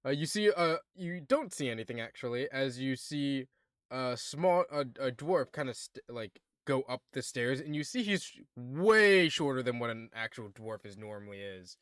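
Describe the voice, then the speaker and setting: A man's voice: mid-range voice, lively intonation, moderate pace, fairly bright tone, clean tone, no echo, clean studio sound. A man narrating a tabletop game as game master, often hesitating with ums.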